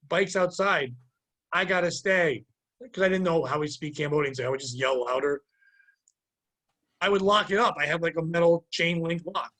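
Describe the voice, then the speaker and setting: Middle-aged podcast host, high-pitched man, rambling and profane, animated casual storytelling. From Connecticut.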